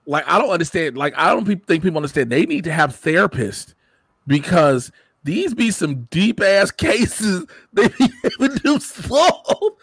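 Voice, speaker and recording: A young adult man hosting a casual podcast chat, animated and profane, breaking into shouted mocking quotes. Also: high voice, normal speed, husky, dry recording. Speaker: podcast host.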